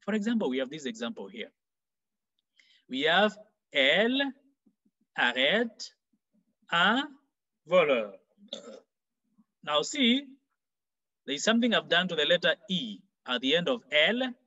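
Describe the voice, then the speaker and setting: A man teaching a French lesson for exam preparation, explaining slowly and repeating example phrases. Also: fairly high pitch, big pitch swings, sharp tone, highs cut off. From Kenya. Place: online class.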